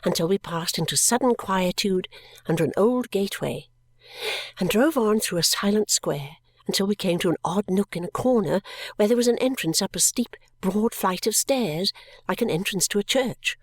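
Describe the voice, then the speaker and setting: A woman's voice: mid-range voice, animated, moderate pace, no room sound, clean studio sound. Tender woman reading a classic novel. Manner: tender, emotive reading with soft whispered touches. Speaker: audiobook narrator. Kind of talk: scripted narration of a classic novel.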